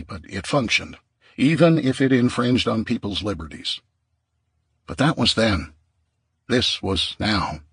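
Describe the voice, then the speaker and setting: A man reading a survival audiobook in a steady, measured narration. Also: lowish voice, slightly rough, no room sound.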